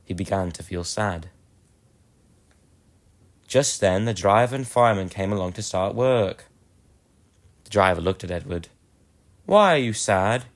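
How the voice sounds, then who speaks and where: A man narrating a children's storybook in a gentle, expressive way. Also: low voice, unhurried, pauses often.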